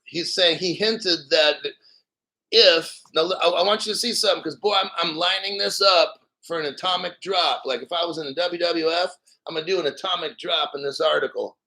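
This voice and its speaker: A man hosting a crypto video talks in a forceful, bright, somewhat high voice. He reads a news article and keeps cutting in with hyped, boastful reactions. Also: moderate pace, poor audio. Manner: hyped, boastful, laughing often. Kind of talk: excited commentary reading an article.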